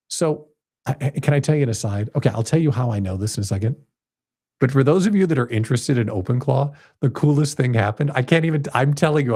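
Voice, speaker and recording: A man in his fifties hosting a podcast, telling a personal story in a casual, animated way and jumping higher in pitch when he gets excited. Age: 50s. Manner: animated storytelling, jumps high when quoting himself excitedly. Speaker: podcast host. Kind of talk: casual monologue.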